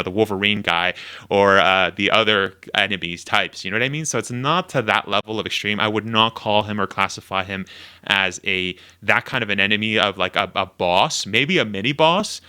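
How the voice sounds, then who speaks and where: A man's voice: fairly low pitch, bright, forceful tone, smooth. A man hosting his own video, giving casual reaction commentary while thinking aloud, rambling with lots of fillers. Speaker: YouTube host.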